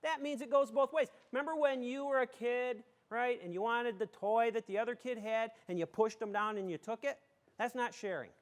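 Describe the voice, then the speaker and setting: Speaking at a moderate pace in a very high voice, this middle-aged superintendent from western New York's southern tier jokes with a community audience. His talk is folksy and emphatic.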